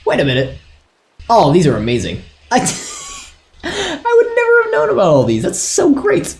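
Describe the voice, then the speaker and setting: A man's voice: very high voice, wildly swooping pitch, moderate pace, a little hiss or hum. A man chatting casually on a live stream as a server admin, thinking aloud and laughing often.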